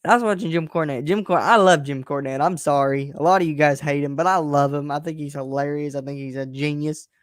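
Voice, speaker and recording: Recorded dry with clean studio quality, this young male host delivers a casual monologue about himself in a fairly high-pitched voice. He speaks a little fast with hardly any pauses, blunt and emphatic, cursing a lot and frequently starting words over.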